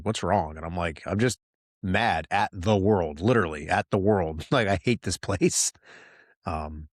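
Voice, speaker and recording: A man's voice: sits low, dry recording, clean studio sound. A middle-aged man hosting a solo podcast, talking candidly and rambling with lots of restarts. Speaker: podcast host.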